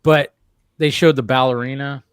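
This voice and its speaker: A man hosting a casual chat, telling animated stories with frequent laughter and restarts. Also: medium pitch, moderate pace, smooth, no room sound, studio quality. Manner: animated storyteller, laughs often, many restarts. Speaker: podcast host.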